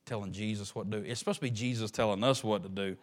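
A man preaching a sermon with passion, rising to loud peaks and dropping to hushed murmurs. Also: fairly low pitch, steady tone, rapid-fire. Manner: impassioned, swinging from loud rises to hushed murmurs.

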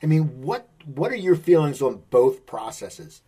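Male host, husky voice, long winding questions. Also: on the high side, big pitch swings, unhurried, mellow. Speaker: interviewer, host. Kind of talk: interview questions.

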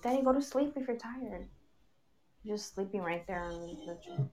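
A woman's voice: medium pitch, animated, moderate pace, darkish tone. A woman hosting a casual podcast from home, chatty and laughing, chatting while she eats. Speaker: podcast host.

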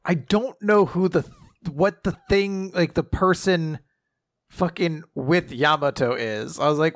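A podcast co-host comments on the story with wry exasperation. His voice sits slightly high, and it is recorded dry and close to the mic. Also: unhurried, no echo. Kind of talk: casual chat.

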